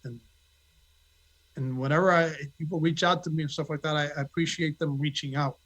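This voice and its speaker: A man with a notably high-pitched speaking voice, chatting as a guest in a casual interview. He is modest and self-deprecating, with hesitant restarts. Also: fairly even intonation, a little fast, a bit bright, rough recording. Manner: self-deprecating, acts out quoted dialogue. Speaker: actor guest.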